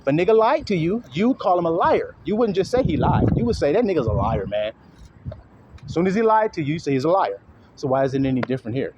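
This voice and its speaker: Animated preaching man, high lively voice. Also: fast, lo-fi sound, slight background noise. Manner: confrontational, profane, fires rhetorical questions; talks while walking. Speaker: self-styled religious teacher. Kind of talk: street preaching monologue.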